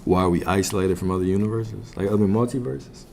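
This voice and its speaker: Low-voiced man teaching on a livestream. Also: fast, gravelly, mellow, a little hiss or hum. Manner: reflective, repeats phrases, asks listeners questions. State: a little out of breath. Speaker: spiritual coach streaming to viewers.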